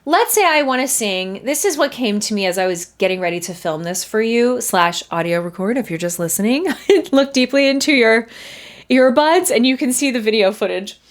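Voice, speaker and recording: Voice teacher, woman, 30s, bubbly talker, swoops high when demonstrating. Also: fairly quick, few pauses. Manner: chatty, animated, breaks into sung vocal examples. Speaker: voice teacher and podcast host. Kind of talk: podcast singing lesson with sung demonstrations. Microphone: studio mic.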